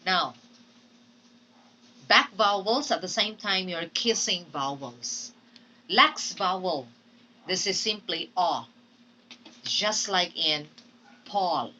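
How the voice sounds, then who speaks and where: Slow, bright-voiced woman teaching phonetics. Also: fairly low pitch, far from the mic, low-quality recording. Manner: slow, deliberate, checks in with "okay?". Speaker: English teacher. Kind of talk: recorded phonetics lecture.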